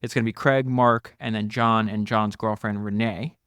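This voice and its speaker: A man hosting a solo podcast, talking enthusiastically through book passages with frequent laughs and quick asides. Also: lowish voice, steady tone, fairly bright tone, clear, resonant tone, no echo, studio quality. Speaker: podcast host.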